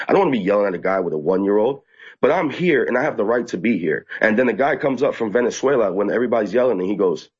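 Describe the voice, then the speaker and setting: A man telling an interviewer an animated, excited account, often mimicking people in high, squeaky voices. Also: fast talker, husky, muffled recording. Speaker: activist guest. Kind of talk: casual storytelling interview.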